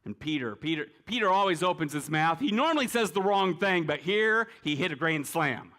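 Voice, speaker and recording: A middle-aged pastor with a fairly bright, higher-pitched voice preaches at a church service, speaking at a moderate pace with lively intonation and hardly any pauses. His sermon is conversational, full of rhetorical questions to the congregation and light humorous asides.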